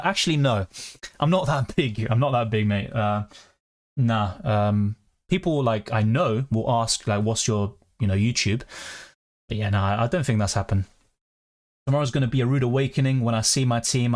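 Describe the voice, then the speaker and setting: A man's voice: medium pitch, a little fast. A man talks casually on a home live stream. He chats loosely and swears freely while reading out viewer comments. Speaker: fantasy football streamer.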